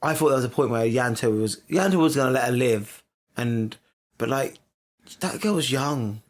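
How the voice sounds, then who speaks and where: A man's voice: mid-range voice, animated, normal speed. A man co-hosting a casual podcast, given to incredulous outbursts. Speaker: podcast co-host. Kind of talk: casual chat.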